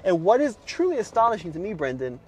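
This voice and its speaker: Brief: male co-host, high-pitched, wry and showy, walking around a car outside. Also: sing-song, fast, breathy edge. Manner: wry, sarcastic, enthusiastic showman. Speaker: co-host presenting cars. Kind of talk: casual car review chat.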